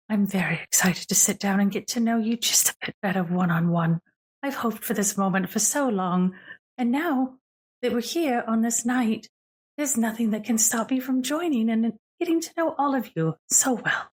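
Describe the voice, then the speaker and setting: A woman's voice: on the high side, animated, normal speed, slightly rough, voice pushed up. A woman voicing a glamorous, unsettling woman who speaks in a honeyed tone and calls everyone darling. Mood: sweetly menacing.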